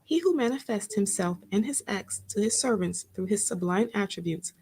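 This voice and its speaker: A woman reads a religious creed aloud. Her delivery is steady and formal. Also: mid-range voice, moderate pace, creaky, husky, poor audio. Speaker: reader. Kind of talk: reading a religious text aloud.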